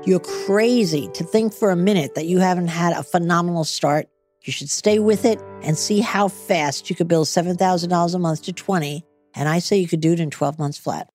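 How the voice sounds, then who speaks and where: A woman's voice: fairly low pitch, moderate pace, a little mellow, soft background music. A middle-aged woman hosting an advice show, blunt and emphatic as she coaches callers. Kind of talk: business advice talk.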